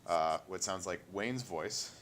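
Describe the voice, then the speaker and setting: A man narrating as game master of a tabletop role-playing game, in a casual, halting way full of fillers. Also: low voice, a bit bright, slight background noise.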